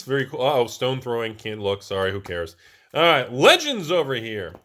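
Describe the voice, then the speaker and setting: A man hosting a casual show-and-tell of his card collection, chatty and wisecracking, jumping between excited bursts and low mutters. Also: moderate pace. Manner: wisecracking, self-mocking.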